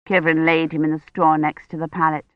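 A woman's voice: deep voice, no echo. Woman narrating an audiobook, dull dry sound. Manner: even, measured reading. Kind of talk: scripted narration.

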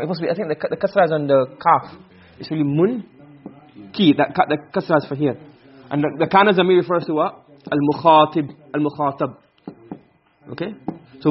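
Male teacher, high voice, talks fast, checks understanding often; dull, muffled recording. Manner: quick explanations with frequent checks for understanding. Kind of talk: classroom lesson. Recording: dull lo-fi sound.

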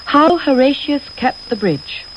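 A woman's voice: sits high, sing-song, unhurried, muffled recording, a little hiss or hum, voice pushed up. A woman doing a timid, unhappy schoolgirl. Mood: rushed recital. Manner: hesitant and miserable.

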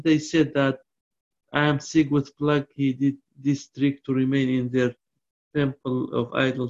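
Man teaching Quran commentary, lo-fi recording. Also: mid-range voice. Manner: recites Arabic verses quickly, then explains in halting English; frequent restarts and fillers. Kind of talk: explaining lecture. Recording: dull lo-fi recording.

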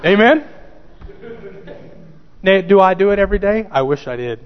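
A man's voice: sits high, animated, takes it slowly, pauses often, background noise. A pastor preaching a sermon who repeats key phrases for emphasis and addresses his listeners directly. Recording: dull church recording with long reverb.

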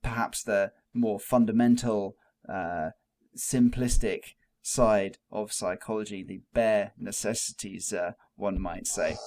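A man co-hosting a comedy podcast who speaks in a deadpan, mock-formal way to an imaginary guest. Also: fairly low pitch, a little slow. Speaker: podcast co-host. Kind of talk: comic podcast introduction.

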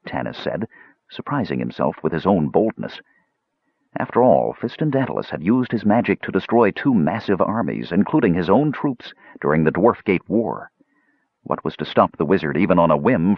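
A deep, husky male voice narrates a fantasy audiobook. His pitch rises and falls with plenty of movement. The recording is dry and slightly dull. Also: no room sound.

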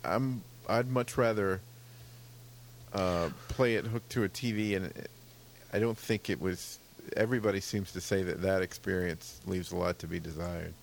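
A man co-hosting a podcast, making his case in a thoughtful, measured way in casual chat. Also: low voice, fairly even intonation, vocal fry, slight background noise. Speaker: podcast co-host.

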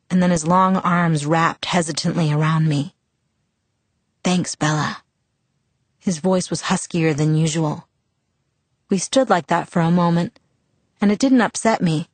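A woman narrating a first-person novel as an audiobook, steady and reflective. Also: on the low side, no room sound.

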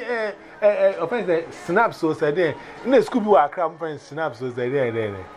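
Ghanaian man, casual storyteller, lively and laughing, slightly high voice, faint noise. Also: moderate pace, few pauses. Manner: animated, laughing, mixes Twi and pidgin. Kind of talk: casual chat.

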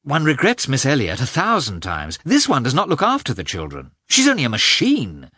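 A man voicing an anxious, excitable aristocratic mother in a storybook reading. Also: medium pitch, moderate pace, breathy edge, no echo, clean studio sound, voice pushed up, heavily acted. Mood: fretful. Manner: fretful, excitable. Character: anxious aristocratic mother, woman, middle-aged.

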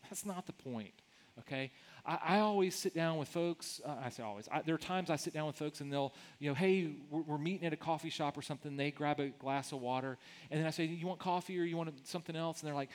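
A man's voice: high voice, fairly quick. A middle-aged man, a pastor, preaching a sermon in a conversational way, often repeating words as he starts sentences.

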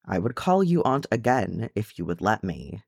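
A man's voice: lowish voice, big pitch swings, moderate pace, creaky, breathy edge, no room sound, studio quality, full character voice. A man doing a brash young dwarf. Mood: earnest.

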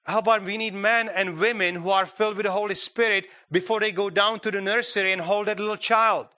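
A male preacher gives a sermon in a church with a bright, slightly high voice. He talks in a loose, conversational way, full of fillers and self-corrections. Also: steady tone, brisk. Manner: conversational, frequent "you know" fillers and restarts. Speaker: guest preacher.

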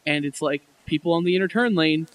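Young guy ranting in a relaxed chat, a bit high-voiced. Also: fairly quick, low-quality recording. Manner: rambling, laughs often, lots of "like". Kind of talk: casual chat.

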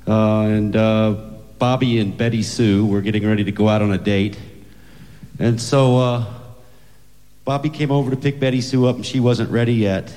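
A man's voice: lowish voice, fairly even intonation, normal speed, mellow. Hesitant man telling a joke on stage. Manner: hesitant, many ums, laughs at own jokes. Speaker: comedian on stage. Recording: long reverb of a large hall.

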